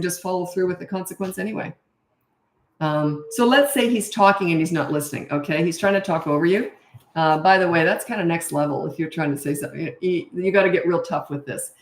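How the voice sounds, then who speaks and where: A middle-aged woman coaching parents in a casual Q&A, blunt and matter-of-fact, now and then acting out short quotes in a higher voice. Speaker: parenting coach answering viewer questions. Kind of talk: casual live Q&A. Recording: roomy echo.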